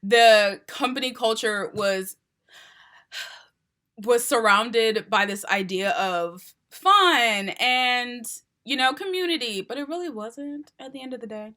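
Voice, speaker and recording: A woman's voice: fairly high pitch, animated, slow, pushed and bright. A young woman, an independent singer, chatting casually in a rambling way with frequent laughs. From United States. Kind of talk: casual chat.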